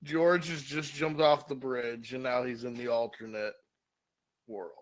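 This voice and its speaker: A man in a casual comedy talk show, spinning a made-up story with plenty of swearing and lively energy. He talks at a middle pitch and in a relaxed way. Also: unhurried, low-quality recording. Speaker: podcast co-host.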